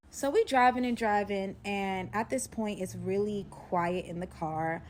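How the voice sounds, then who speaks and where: A young woman telling a personal story in a casual, slangy, animated way, acting out the dialogue as she goes. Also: medium pitch, moderate pace.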